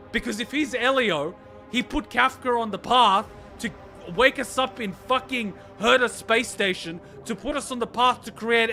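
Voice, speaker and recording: A man reacting to a game story, ranting and swearing heavily. His voice sits high and bright, and game music plays faintly behind him. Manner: excitable, heavy swearing, ranting. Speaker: reaction streamer.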